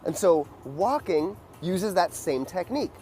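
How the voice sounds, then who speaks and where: Man teaching a dance, saying "boom". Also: lively intonation, measured pace, darkish tone, soft background music. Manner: loose, filler-heavy explaining with beat sounds like "boom". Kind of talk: casual dance lesson.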